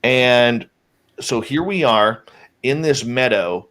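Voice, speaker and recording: A man's voice: medium pitch, slow. Man telling an outdoor story casually. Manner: lively, acts out the quoted lines of his companions. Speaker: guest telling an encounter story.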